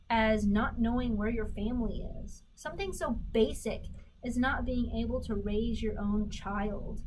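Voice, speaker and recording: A woman gives a recorded history lecture in a voice pitched a little high. She asks questions, answers them herself, and reads out passages from documents. A faint hum of room ambience runs under her voice. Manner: reads quotations aloud. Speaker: history instructor.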